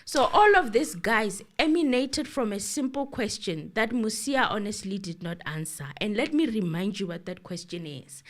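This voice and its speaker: A woman commentating casually on a court trial, animated, quoting the exchanges and exclaiming as she goes. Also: mid-range voice, normal speed, hardly any pauses. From South Africa. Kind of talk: casual chat.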